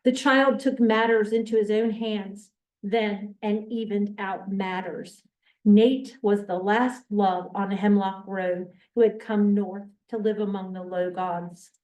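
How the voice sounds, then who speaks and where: A woman's voice: mid-range voice, fairly even intonation, slow pace, a little mellow, dull audio. A woman leading a book discussion, reading a novel aloud and then talking it over in an earnest, emphatic way. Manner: earnest, emphatic, checks listeners follow. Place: classroom or church meeting room. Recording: echoey room, mic far off.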